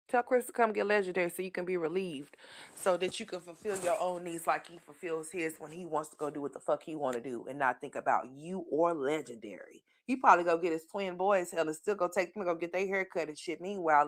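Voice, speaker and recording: A woman hosting a commentary stream, scolding and mocking someone with steady profanity. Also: on the low side, dry recording, clean studio sound. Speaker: commentary host.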